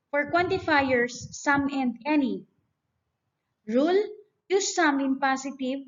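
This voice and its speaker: Woman, grammar lecture, high voice, dull lo-fi recording. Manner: explains step by step, reads examples aloud. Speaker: teacher.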